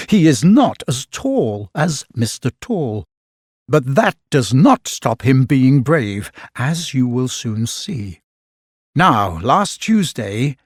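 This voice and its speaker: A man narrating a children's storybook in an expressive, unhurried way. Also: mid-range voice, breathy edge, dry recording, studio quality.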